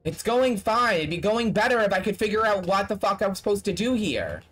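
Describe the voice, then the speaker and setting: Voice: mid-range voice, very animated, fairly quick, fairly bright tone, husky. A game streamer giving casual live-stream commentary while playing, swearing often and venting frustration at the game. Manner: profane, exasperated running commentary.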